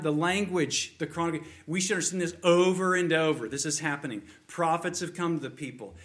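A man's voice: on the high side, moderate pace, hardly any pauses. A man preaching a sermon, earnest and repetitive, building emphasis on key points. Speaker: pastor.

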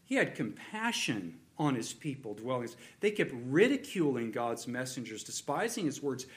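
A man's voice: mid-range voice, sing-song, normal speed. A man preaching a sermon, earnest and repetitive, building emphasis on key points. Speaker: pastor.

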